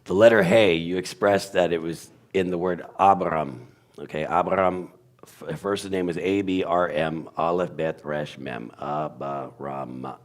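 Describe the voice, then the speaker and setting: A man teaching as a guest, halting and searching for words at first, then sounding out Hebrew letters with growing energy. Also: low voice. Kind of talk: explaining Hebrew letters in a conversation.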